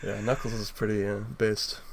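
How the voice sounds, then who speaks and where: A man's voice: on the low side, flat delivery, normal speed, crowd noise. A man hosting a casual comedy podcast, often laughing as he reads quoted lines aloud. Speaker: podcast host.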